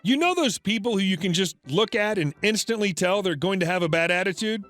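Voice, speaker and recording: A man's voice: high voice, animated, fairly quick, a bit bright, dry recording. A man narrating a retail story in a scripted, matter-of-fact reading. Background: faint background music.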